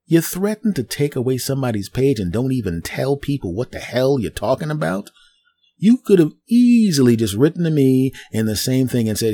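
A middle-aged man hosting a solo podcast, ranting in an animated way and acting out voices as he goes. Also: mid-range voice, normal speed, no echo. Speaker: podcast host.

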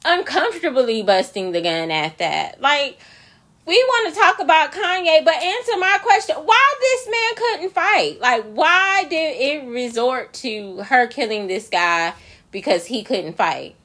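High, animated woman ranting emphatically. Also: unhurried. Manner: profane, incredulous, emphatic repetition. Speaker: podcast host. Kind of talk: solo podcast rant.

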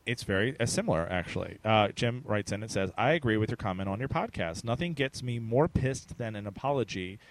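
A man's voice: lowish voice, animated, brisk, hardly any pauses, a little hiss or hum. A man hosting a casual podcast chat, frank and bawdy, laughing often and stumbling over his words. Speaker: podcast host.

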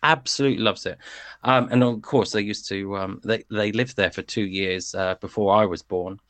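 A man's voice: on the low side, steady tone, moderate pace, fairly bright tone, no echo. A man chatting casually as a song review panelist, rambling and digressing with lots of fillers.

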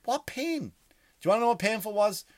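An Irish man from Ireland ranting casually, profane and animated, firing off rhetorical questions. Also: high voice, a little fast, no room sound, studio quality.

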